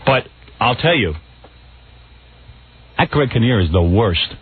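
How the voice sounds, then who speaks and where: A man's voice: big pitch swings, slow, slight background noise. A man hosting a radio talk show, bantering in a sarcastic, needling way. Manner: sarcastic, needling, swings pitch widely. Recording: lo-fi phone-band radio recording.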